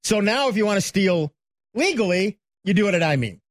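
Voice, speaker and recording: Man, radio host, high voice, dry studio sound, chatty banter. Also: animated, a little fast, no echo. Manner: chatty, reads news items then banters. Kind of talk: casual tech talk radio.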